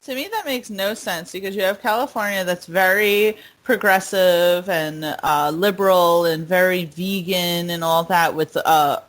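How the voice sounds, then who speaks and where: Lower-voiced woman on a podcast, chatty, laughing storyteller. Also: measured pace, few pauses. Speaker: podcast co-host. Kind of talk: casual chat.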